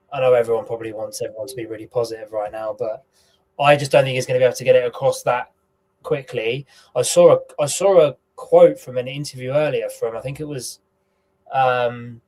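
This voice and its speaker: A man's voice: mid-range voice, darkish tone, low-quality recording. A man on a football fan panel, gloomy and hesitant, full of ums. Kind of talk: casual fan show chat.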